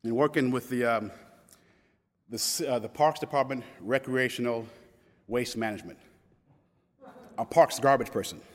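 A man of about fifty from Louisville, Kentucky, speaking publicly, tells a personal story conversationally, often restarting and quoting others. His medium-pitched voice moves at a moderate pace with frequent pauses, in a long hall reverb.

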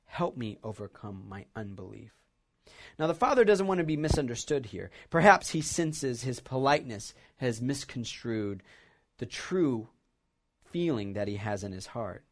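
A man at a middle pitch delivers a sermon. He retells a scripture scene as a story and stops to reflect on what it means for his listeners. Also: lively intonation, moderate pace. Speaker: pastor.

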